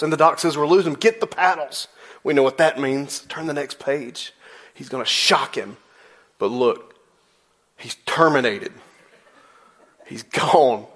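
A man's voice: a little high, a bit bright. A man in his forties preaching a sermon in a church, telling a story with playful asides. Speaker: pastor.

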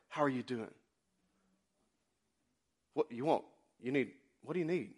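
A man preaching as pastor in a church, passionate, swinging between loud exclamations and quiet confessions. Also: medium pitch, unhurried, breathy edge. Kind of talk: sermon. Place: church sanctuary.

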